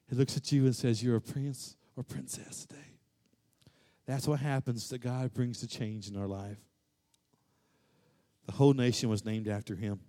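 Preaching man with surging loud swells. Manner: preaching with big swings from loud and high to quiet and low; repeats phrases for emphasis. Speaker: pastor. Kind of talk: sermon.

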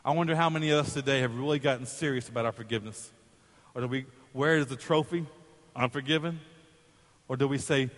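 A male pastor preaching a sermon in a church, telling a story in an animated way and acting out its voices. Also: mid-range voice, fast talker, big-room sound. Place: church sanctuary.

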